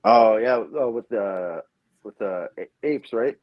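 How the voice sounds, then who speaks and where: A man chatting as a podcast guest, telling stories with lively acted-out quotes. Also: fairly low pitch, slow, dry recording, dull audio. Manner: animated storyteller, acts out quotes. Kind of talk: casual podcast chat.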